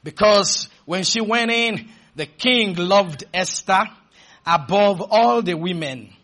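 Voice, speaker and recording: A man preaching a sermon, shouting dramatic lines and leading the congregation in call-and-response. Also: high voice, expressive, slow pace.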